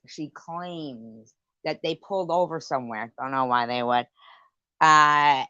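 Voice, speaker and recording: Woman host, deep and slow-talking, swearing through a loose, rambling late-night stream rant on dull lo-fi audio. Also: fairly bright tone, dry recording. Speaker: livestream host.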